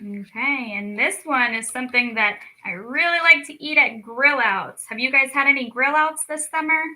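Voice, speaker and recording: A woman leading a children's storytime lesson, speaking slowly and clearly with encouraging teacher talk. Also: sits high, pushed and bright, rough recording. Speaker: speech clinic storyteller.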